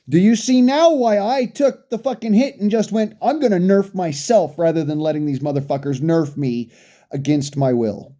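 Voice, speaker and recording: A man's voice: high-pitched, moderate pace, mellow. A furious man delivering an angry, profane political rant, berating his listeners. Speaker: commentator.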